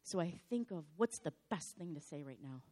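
A slightly hoarse woman pastor giving a sermon in a dramatic, animated storytelling manner. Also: low voice, moderate pace.

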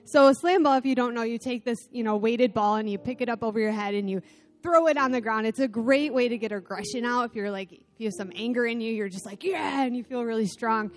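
A middle-aged woman preaching a sermon in church, telling a self-deprecating personal story with animated delivery. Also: a little high, fast talker. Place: church sanctuary.

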